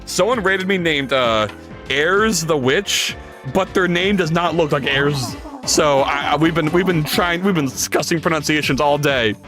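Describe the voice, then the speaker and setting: A man's voice: on the high side, a little slow, over music. A man streaming live while coding, chatting casually with viewers and reading their messages aloud. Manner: animated, jokey, reads chat aloud and rambles. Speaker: livestreamer.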